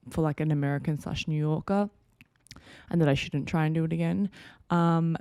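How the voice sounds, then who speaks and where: A woman's voice: low voice, dark tone, no echo. A young woman hosting a solo podcast, chatting in a rambling, playful way and shifting her voice for fun. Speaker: podcast host. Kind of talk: casual solo podcast chat. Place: home in Hong Kong.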